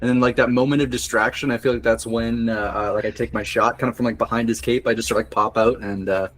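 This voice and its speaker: Rambling fast-talking man at a game table. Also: mid-range voice, fairly even intonation, a bit bright, rough recording. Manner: rambling, full of fillers like "like". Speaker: player. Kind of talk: casual tabletop play.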